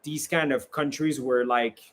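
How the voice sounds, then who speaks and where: A man who is a travel vlogger, chatting casually in a bubbly, animated way with many fillers. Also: medium pitch, unhurried. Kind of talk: casual chat.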